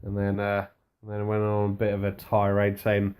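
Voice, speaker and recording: A man's voice: on the low side, completely flat delivery, moderate pace, a little mellow, clean tone. A man co-hosting a casual wrestling recap, laid-back and dry, rambling through the show's events. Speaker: podcast co-host.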